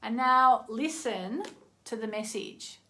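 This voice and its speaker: A woman's voice: a little high, slow, bright, forceful tone. A middle-aged woman hosting a live stream, chatting casually and effusively as she reads oracle cards. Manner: chatty, easily sidetracked, effusive.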